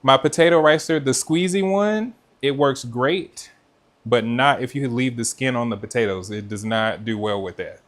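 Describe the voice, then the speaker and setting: A man's voice: medium pitch, moderate pace. A man hosting a live cooking stream from his kitchen, chatting casually and talking straight to his viewers. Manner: chatty, talks straight to viewers and reads out their comments. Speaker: cooking livestream host. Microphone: mic with noise cancellation.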